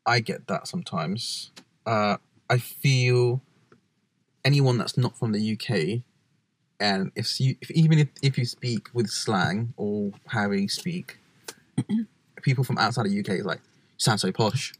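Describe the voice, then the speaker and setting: A man's voice: fairly low pitch, expressive, measured pace. A man in casual chat who tells stories animatedly and acts out the people he quotes.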